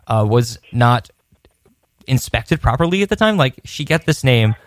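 A man's voice: mid-range voice, expressive, a little slow. A man telling a rambling personal story in a casual podcast chat, with many restarts and laughs.

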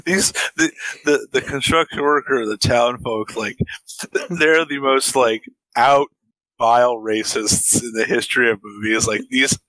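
A man co-hosting a podcast in casual chat, swearing, laughing and drawing quick pop-culture comparisons. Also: mid-range voice, pushed and bright, no room sound, poor audio. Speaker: podcast co-host. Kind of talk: casual film discussion.

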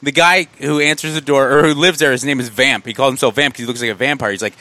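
A man telling a wild personal story in casual chat, animated and laughing as he goes. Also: medium pitch, fast, no echo. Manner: animated, laughs through his own story.

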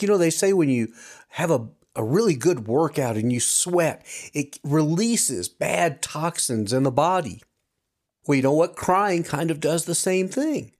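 A man in his fifties hosts a podcast, speaking earnestly and reflectively straight to his listeners in a personal monologue. His voice is fairly high-pitched and a little mellow.

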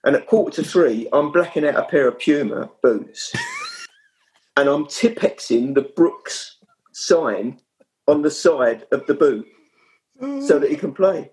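A man, a former kit man, telling anecdotes as a guest in casual chat, with lively storytelling. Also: on the high side, takes it slowly, rough recording. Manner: animated, lively storyteller with frequent restarts.

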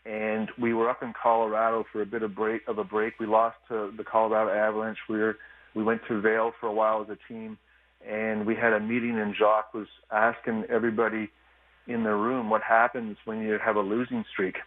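Phone-in guest: low, flat male voice, laid-back storyteller, tinny line. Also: brisk. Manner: relaxed, easygoing storytelling with frequent fillers. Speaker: retired hockey player, guest. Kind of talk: casual phone interview.

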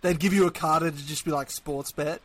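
A man's voice: fairly high pitch, steady tone, moderate pace, heavy background noise. Joking Australian podcast co-host man. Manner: joking, swearing, sings bits. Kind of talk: casual podcast chat.

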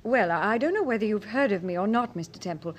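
An actress playing a worldly, sharp-tongued novelist in a radio drama. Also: female voice, medium pitch, animated, fast talker, lightly acted. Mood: wry. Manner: poised, sardonic.

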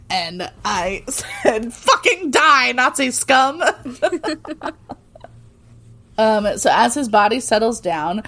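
A woman's voice: medium pitch, darkish tone. A young woman co-hosting a podcast, recapping a TV episode in casual, sarcastic chat and laughing often. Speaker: podcast co-host.

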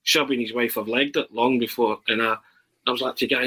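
A man tells anecdotes in a lively, tumbling way, circling back and restarting his sentences. His voice is husky and pushes forward with a bright, forceful edge. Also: mid-range voice, a little fast, low-quality recording. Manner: animated storyteller, frequent restarts. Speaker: guest. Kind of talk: casual chat.

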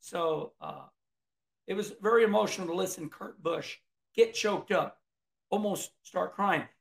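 A middle-aged racing commentator with a high-pitched, creaky voice talks about a race at a measured pace. His casual video commentary is folksy and rambling, and he often restarts his words.

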